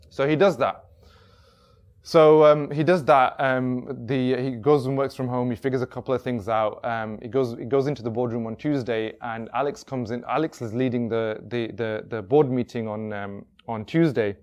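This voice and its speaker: A man's voice: mid-range voice, fairly quick. A man telling a story at a workshop in a casual, rambling way, full of ums and restarts. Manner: rambling, many fillers and restarts. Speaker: workshop speaker.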